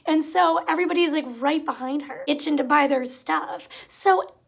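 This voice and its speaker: Speaking at normal speed with vocal fry in a high voice, a young woman vlogger tells casual stories about retail work. She acts out what customers said, clearly exasperated. A cat sits nearby in her home room.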